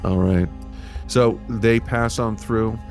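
A man narrating as game master of a tabletop role-playing game, describing scenes in a relaxed, halting way. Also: lowish voice, gravelly, soft background music.

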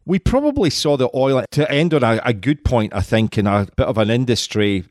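A man from Scotland co-hosts a podcast in a casual, joking way, swearing now and then. His voice is mid-pitched and recorded close and dry. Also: expressive, a little fast, darkish tone, no echo. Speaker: podcast co-host. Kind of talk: casual chat.

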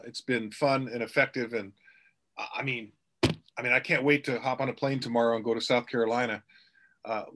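A man's voice: mid-range voice, fairly bright tone. A middle-aged man, a sales trainer, telling anecdotes in a podcast interview and acting out the quotes.

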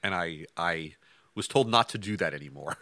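A man's voice: deep voice, lively intonation, normal speed, pushed and bright, no room sound. A man co-hosting a podcast in casual chat from his home office, talking with stammering restarts and self-deprecating chuckles. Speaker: podcast co-host.

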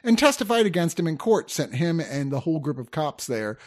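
A man's voice: fairly high pitch, sing-song, fairly quick. Teasing man chatting about films. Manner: laid-back, teasing, many fillers. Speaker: podcast co-host. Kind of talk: casual film review chat.

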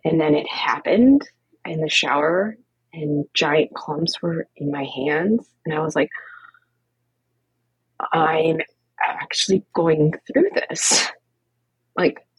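Husky woman telling her story animatedly. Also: deep voice, no echo, highs cut off. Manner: animated, acts out quoted dialogue with frequent "like" fillers. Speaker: podcast guest, cancer coach. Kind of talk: candid storytelling conversation.

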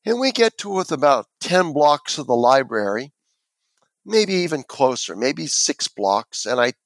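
A man's voice: mid-range voice, a little slow, no room sound. A man telling a long personal story in an interview, acting out the voices of the people in it. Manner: animated storyteller, acts out quoted voices. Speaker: interview guest.

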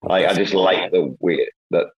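A man's voice: low-pitched, measured pace, breathy edge. A man hosting a casual online chat, rambling and swearing through banter. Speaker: host. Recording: dull lo-fi online audio.

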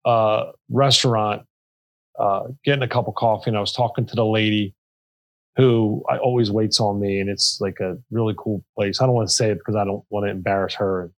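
A man's voice: mid-range voice, poor audio. Earnest man telling a candid story. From Pennsylvania. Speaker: nonprofit co-founder and CEO. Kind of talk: podcast interview.

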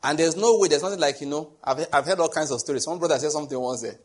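A man's voice: fairly high pitch, racing, breathy edge. A middle-aged Nigerian man preaching a sermon, telling stories and acting out the dialogue. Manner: animated storytelling, acting out dialogue.

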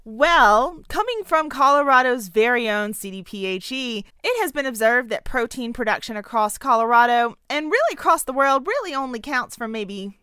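A woman's voice: on the high side, animated, moderate pace, hardly any pauses, sharp tone, clean tone, dry recording, studio quality. Sarcastic Southern woman commentator. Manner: sarcastic and punchy. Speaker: political commentator. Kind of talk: opinion commentary.

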